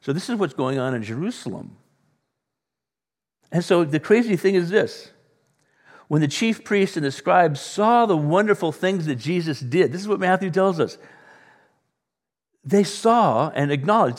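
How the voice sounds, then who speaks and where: A man preaching a sermon as pastor, animated, playing out the voices of the people he talks about. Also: on the high side, normal speed, long pauses. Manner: animated, acts out voices of others. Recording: long reverb in a large room.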